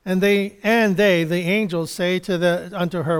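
A man with a fairly high voice gives a chatty Bible-study sermon, stopping and restarting his thoughts. His voice rings with long reverb, as if in a church hall. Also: fairly even intonation, clear, resonant tone. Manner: conversational, halting, chuckles, restarts. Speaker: preacher.

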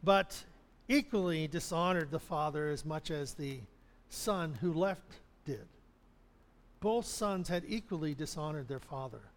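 A man's voice: a little high, lively intonation, a little slow. A man preaching a sermon, retelling a parable and acting out the characters' complaints with frequent chuckles. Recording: long hall reverb.

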